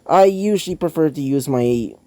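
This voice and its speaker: A man's voice: a little high, animated, moderate pace, dark tone, no echo. A man voicing a shy young woman hacker in his own story, speaking hesitantly and awkwardly.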